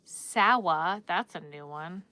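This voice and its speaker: A chatty woman from Newark, New Jersey, hosts a casual livestream, rambling as she answers chat while crocheting. Her voice is fairly low in pitch, slow and sharp in tone, with no room sound.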